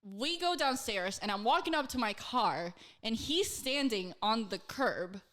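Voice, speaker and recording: A woman's voice: fairly high pitch, unhurried. A woman co-hosting a casual talk show, telling a story animatedly, full of "like" and swearing, acting out quotes in her own voice. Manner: animated, heavy use of "like", swears freely. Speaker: co-host.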